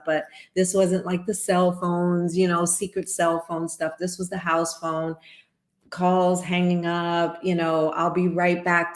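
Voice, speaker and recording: A middle-aged woman hosting a reaction video, talking through her thoughts in a reflective, casual way. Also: on the low side. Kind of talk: casual commentary. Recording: roomy echo.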